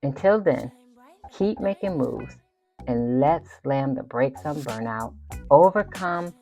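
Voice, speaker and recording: A woman's voice: rumbling low, expressive, takes it slowly, creaky, dark tone, faint music behind. A woman hosting a motivational podcast, emphatic and preacherly, repeating phrases for effect and turning playful at times. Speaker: podcast host.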